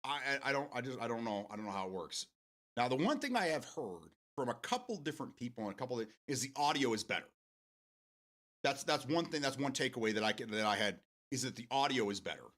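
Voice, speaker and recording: A man's voice: medium pitch, sing-song, fast talker, fairly bright tone. A man hosting a casual morning gaming talk show from his home setup, rambling with lots of restarts, swearing freely and laughing often. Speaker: show host.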